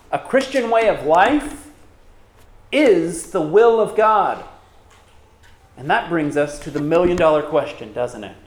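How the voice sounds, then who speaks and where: High-voiced, slow-preaching man. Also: darkish tone, reverberant. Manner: emphatic, rhetorical questions, reads scripture aloud. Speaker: pastor. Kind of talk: sermon.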